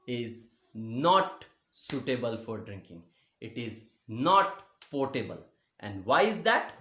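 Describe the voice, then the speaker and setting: At medium pitch, a male teacher delivers a slow geography lesson in an echoey room. He repeats words, spells them out letter by letter, and keeps checking with "okay?"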